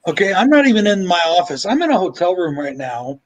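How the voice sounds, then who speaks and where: A man with a high, light voice sits on a casual livestream video call, swearing freely and venting in long, worked-up stories. He sounds like he is talking with friends. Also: sing-song, fast, low-quality recording. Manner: profane, ranting. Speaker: livestream panelist. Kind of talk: casual group chat.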